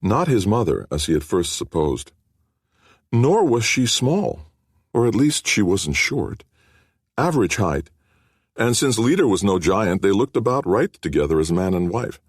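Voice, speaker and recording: Deep husky male audiobook narrator. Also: a little slow, no echo, studio quality. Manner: expressive, varied reading.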